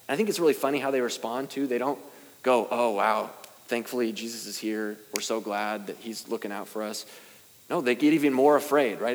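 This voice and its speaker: A man's voice: lowish voice, long reverb tail. A young adult male pastor preaching a sermon in a casual, self-deprecating way, with rising emphasis at key points. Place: church sanctuary.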